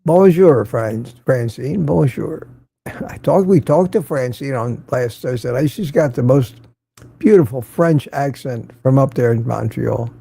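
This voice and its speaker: A man's voice: mid-range voice, unhurried, creaky, mellow, slightly rough. An older man hosting a casual morning livestream, chatting and greeting viewers by name as he reads their comments. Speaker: livestream host.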